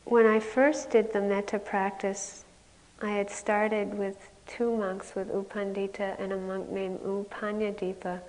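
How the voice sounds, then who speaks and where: A woman's voice: medium pitch, level tone, unhurried, darkish tone. A woman meditation teacher giving a candid dharma talk at a retreat, with self-mocking stories that often break into laughter. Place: retreat center meditation hall. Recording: long hall reverb.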